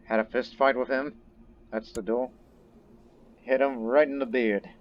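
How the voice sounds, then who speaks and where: A man's voice: medium pitch, fairly even intonation, a little slow, lo-fi sound. A man casually commenting on his own strategy game as he plays, thinking aloud with chatty asides. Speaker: game streamer.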